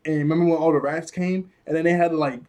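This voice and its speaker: A young man casually recapping a cartoon episode, rambling and laughing often as he acts out the characters' lines in quick voices. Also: fairly high pitch, steady tone, a little mellow. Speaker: video reviewer.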